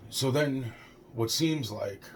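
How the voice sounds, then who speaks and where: A man's voice: mid-range voice, takes it slowly, a little hiss or hum. A young man rambling through a personal story, stumbling over his words, repeating "it's like" and swearing a lot. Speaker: storyteller recounting a personal experience.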